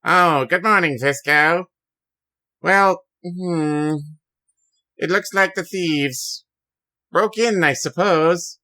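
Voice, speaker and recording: A man doing a soft, higher sleepy bird teacher. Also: heavily acted. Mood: calm. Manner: soft, unhurried, calming. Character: sleepy laid-back male bird teacher. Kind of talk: video game voice acting.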